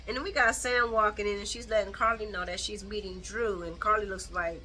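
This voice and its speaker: Bright-voiced woman recapping, blunt and animated. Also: mid-range voice, moderate pace, slight background noise, poor audio. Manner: animated, blunt, colloquial, with mocking asides. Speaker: soap opera recap host. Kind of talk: casual chat recap.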